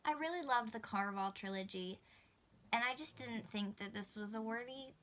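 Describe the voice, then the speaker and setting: Young woman vlogging, bright voice, chatty and gushy, laughs a lot. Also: fairly high pitch, moderate pace. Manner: chatty, gushing, laughs easily. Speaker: book vlogger. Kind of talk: casual book talk to camera.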